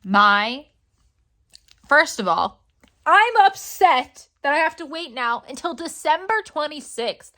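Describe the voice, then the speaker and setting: A woman's voice: high-pitched, sing-song, slow pace, sharp tone. A young woman vlogging casually about books, ranting dramatically and swearing in mock outrage. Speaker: book vlogger. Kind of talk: casual reading vlog rant.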